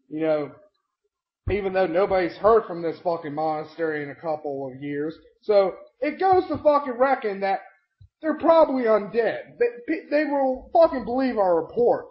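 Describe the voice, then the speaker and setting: A young man recapping a tabletop game session, excitable and swearing constantly as he tells the story. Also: high voice. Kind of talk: profane storytelling rant. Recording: dull lo-fi home mic.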